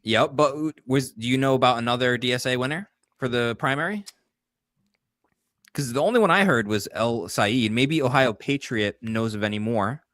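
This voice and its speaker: A man co-hosting a casual political call-in show, giving animated opinions and laughing often. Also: mid-range voice, normal speed, no echo, clean studio sound. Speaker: co-host.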